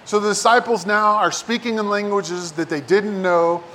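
A man with a high voice preaches in a relaxed, conversational way. He keeps checking in with his listeners through quick asides. A faint low rumble sits under his voice. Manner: casual, talks with many rhetorical "right?" and "like" asides. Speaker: pastor. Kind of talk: conversational sermon.

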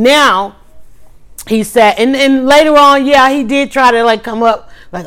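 Woman, fairly high voice, casual livestream storytelling, animated, emphatic asides. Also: clear, resonant tone. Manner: animated, talks fast with restarts and emphatic asides. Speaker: livestream host.

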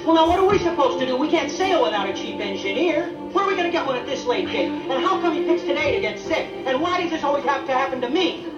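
An actor playing a fretful, put-upon ship's purser on a 1970s TV sitcom, speaking in a whiny, complaining manner, heard as echoey TV audio with music. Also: male voice, extremely high pitch, expressive, fast talker, hardly any pauses, recorded from a distance, lo-fi sound. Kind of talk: 1970s television sitcom acting.

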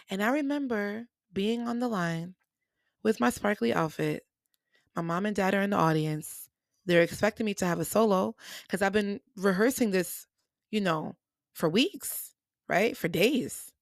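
A young woman podcast host telling a personal story, animated and acting out the people she quotes, talking straight to her listeners. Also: mid-range voice, no room sound, clean studio sound. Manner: animated, acts out quoted voices, addresses listeners as y'all.

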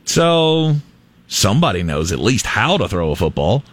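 A man's voice: on the low side, very animated, normal speed. A man co-hosting a casual sports talk show, wryly pushing back on his partner. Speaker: sports radio co-host.

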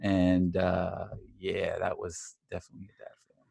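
A man in his thirties, a podcast guest, telling animated stories with lively quoted voices. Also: sits low, moderate pace, gravelly, slightly rough, no room sound, clean studio sound. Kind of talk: casual chat.

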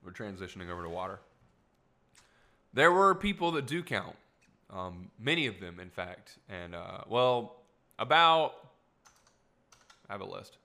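A man's voice: on the low side, big pitch swings, a little slow, creaky, long pauses, pushed and bright. A man in his twenties telling a casual, rambling travel story, often correcting himself mid-sentence. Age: 20s. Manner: rambling, self-correcting, upbeat.

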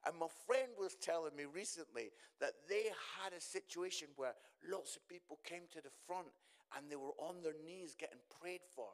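A middle-aged man speaks as a guest preacher in a church service, with a voice that sits high for a man. He talks in a chatty, jokey way and keeps checking in with his listeners. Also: moderate pace. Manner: chatty, jokey, often tags lines with "yeah?". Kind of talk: humorous sermon. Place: church service before a congregation.

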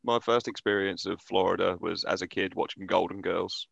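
A man co-hosting a podcast, animated and swearing freely. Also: low voice, normal speed, creaky, dry recording, highs cut off. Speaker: podcast co-host. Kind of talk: casual chat.

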